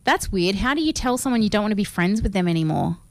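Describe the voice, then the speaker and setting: A woman's voice: mid-range voice, fast talker, no echo. Chatty Australian woman, dry close sound. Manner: chatty, animated and self-deprecating. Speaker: podcast co-host. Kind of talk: casual chat about films.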